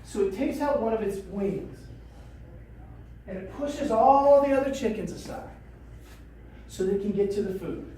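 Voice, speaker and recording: A woman trainer telling a story at a training session, animated and repeating phrases. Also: medium pitch, unhurried, pauses often, slight background noise. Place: training room. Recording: echoey room from a distance.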